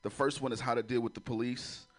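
A man's voice: medium pitch, flat delivery, quick pace. A man doing a crude stand-up comedy set, laughing at his own jokes and talking in a loose, chatty way. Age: adult with a son. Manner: loose, chatty, keeps asking "you know".

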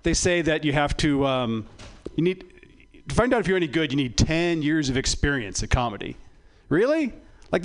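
Male comic, dry and self-mocking, a touch higher-voiced than most men. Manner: dry, self-deprecating delivery. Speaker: stand-up comedian. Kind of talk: stand-up comedy set.

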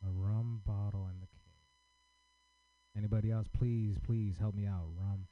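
Male comic, lowish voice, halting and stammery, pleading with the crowd, lo-fi room recording. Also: little pitch movement, faint music behind. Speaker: stand-up comedian. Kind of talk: post-set banter with crowd. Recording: lo-fi live club recording.

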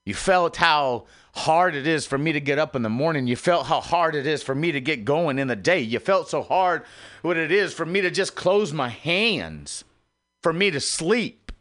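A man hosting an internet radio show, talking in a rambling, emotional monologue that repeats itself and swings from loud outbursts to hushed asides. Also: fairly high pitch, expressive, normal speed. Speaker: podcast host.

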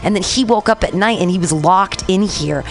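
A woman's voice: medium pitch, moderate pace, faint music behind. A woman hosting a casual chat show, telling loose, rambling stories and acting out the quotes. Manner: rambling storyteller, acts out quotes. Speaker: comedian and podcast host.

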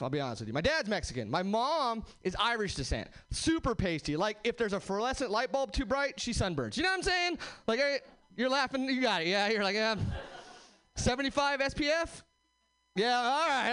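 Very high, clear-voiced brash male comic. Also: pushed and bright. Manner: brash, profane, self-mocking. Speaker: stand-up comedian. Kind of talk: stand-up comedy set. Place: packed comedy venue stage.

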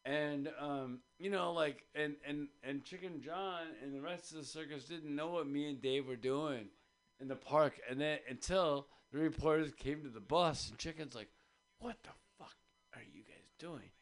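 A man in casual radio chat, telling a story in a loose, rambling way. His voice sits a little high, and he swears freely. He slips into quick voices for the characters he describes. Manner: rambling, profane, acts out voices in his stories. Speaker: radio show guest.

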